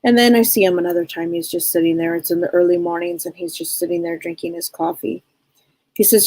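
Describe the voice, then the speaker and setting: A woman giving a psychic reading on a live stream, talking in a rambling, halting way with many restarts. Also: lowish voice, steady tone, mellow, dry recording. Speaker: psychic medium.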